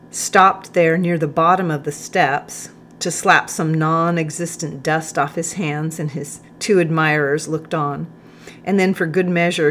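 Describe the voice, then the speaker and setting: A woman narrating an audiobook in a calm, measured storytelling manner. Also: sits low, a little hiss or hum.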